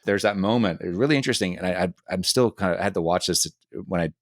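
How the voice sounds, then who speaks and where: A man co-hosting a podcast, retelling TV scenes in a fast, animated way with many restarts. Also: low-pitched, no room sound, studio quality. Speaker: podcast co-host. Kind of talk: casual TV discussion.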